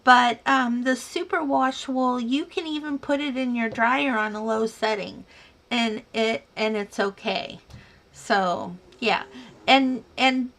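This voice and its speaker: A woman's voice: a little high, slow, a bit bright. A woman hosting a casual yarn livestream, chatting with viewers, reading their comments aloud and calling them dear and sweetheart. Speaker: yarn crafting livestream host.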